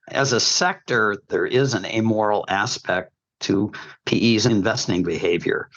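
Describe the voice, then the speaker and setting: A man's voice: on the low side, a little slow, gravelly, fairly bright tone. A man giving emphatic, opinionated commentary on a podcast, with folksy sayings, heard over slightly muffled remote audio. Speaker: healthcare commentator.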